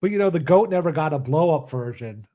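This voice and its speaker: Male co-host, slightly high, very lively pitch, laughs a lot. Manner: laughs often, quick agreement. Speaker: podcast co-host. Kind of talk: casual chat.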